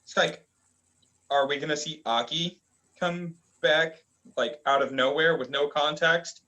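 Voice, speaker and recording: A man's voice: fairly high pitch, unhurried, sharp tone, rough recording. A man casually recapping manga chapters as a reviewer, rambling with lots of fillers. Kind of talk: casual chat.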